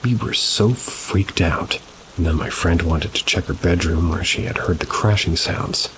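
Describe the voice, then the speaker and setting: Low male narrator for true ghost stories, calm and measured, with rain noise behind him. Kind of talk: scripted narration of reader-submitted stories. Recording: rain sounds mixed behind the voice. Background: steady rain ambience.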